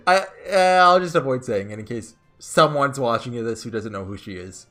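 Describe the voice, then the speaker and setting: A man's voice: mid-range voice, animated, moderate pace, few pauses, a bit bright, soft background music. A man giving chatty let's-play commentary, thinking aloud as he plays. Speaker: gamer.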